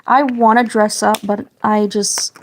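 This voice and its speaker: A slightly hoarse woman with a raspy voice, a parent chatting casually and rambling on a livestream while she colours, hedging her words as she goes. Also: mid-range voice, steady tone, a little slow, a little hiss or hum. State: slightly hoarse, getting sick. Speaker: livestreaming artist.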